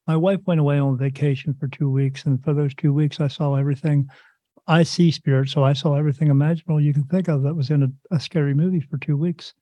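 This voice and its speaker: In a dry, muffled recording, a man with a fairly high voice speaks quickly as an interview guest. He spins a long, meandering personal story, voicing what others said and throwing in sound effects.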